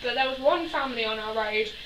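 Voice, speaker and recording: A woman's voice: on the high side, quick pace, fairly bright tone. Giggly young woman, echoey room. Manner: giggly, acts out quoted voices. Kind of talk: casual storytelling vlog. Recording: echoey room from a distance, faint noise.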